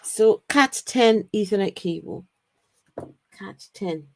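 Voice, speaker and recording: A woman co-hosting a live stream, chatting casually with an animated, incredulous manner and frequent laughter. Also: mid-range voice, takes it slowly, creaky, no room sound. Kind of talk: casual chat reacting to a video. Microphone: streaming microphone.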